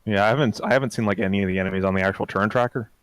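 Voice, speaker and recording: A young man playing a tabletop game, wry and quick to argue the rules. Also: lowish voice, clear, resonant tone, no room sound. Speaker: player. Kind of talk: casual tabletop game chat.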